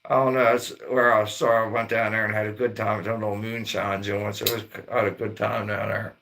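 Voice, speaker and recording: A man's voice: lowish voice, level tone, brisk, vocal fry, background noise. A middle-aged man from Maryland rambling in laid-back, profane casual chat as a livestream host. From Maryland, near Baltimore.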